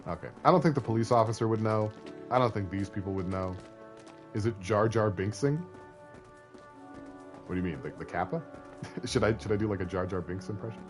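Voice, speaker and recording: A man's voice: lowish voice, brisk, pauses often. A young man from Canada, streaming a story game, chatting and joking with his viewers. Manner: joking and chatty, talks to chat. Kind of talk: reading a story game aloud on a live stream. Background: faint game music.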